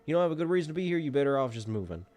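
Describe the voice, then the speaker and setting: A man's voice: on the high side, very animated, racing, a little mellow. A man voicing a wary small-town gatekeeper in a game, reading the lines in a raised, stern voice. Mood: warning. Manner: stern, warning, read from on-screen text.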